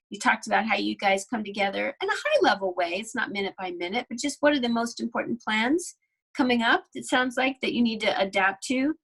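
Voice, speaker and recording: A woman hosting a livestream interview, warmly affirming and summarizing the points discussed. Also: fairly high pitch, husky, poor audio. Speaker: livestream host.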